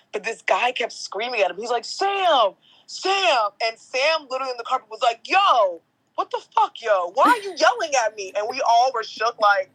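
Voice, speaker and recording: A woman in her thirties, a guest on a podcast, telling stories in a lively, casual way and swearing now and then. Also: on the high side, poor audio. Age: 30s. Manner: animated storyteller, swears casually. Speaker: guest, entertainment host.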